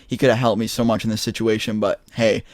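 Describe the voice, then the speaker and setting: A teenage boy telling a story in a casual vlog, rambling and excitable, full of fillers and swearing. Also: fairly low pitch, fast, dry recording, clean studio sound. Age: teens. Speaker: vlogger.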